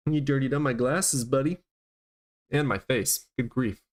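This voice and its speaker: A man's voice: medium pitch, slow. Blunt male streamer, casual chat. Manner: coos baby talk at his dog, then questions callers bluntly. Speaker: streamer hosting call-in debates.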